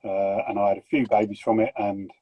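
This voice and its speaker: A middle-aged man with a Yorkshire accent talks in a husky, rough voice, rambling and teasing as a guest on a live stream. His voice comes through a phone on a video call and sounds dry and close. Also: lowish voice, level tone, a little fast, no echo, lo-fi sound. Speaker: guest gecko breeder. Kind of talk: casual banter on a live stream.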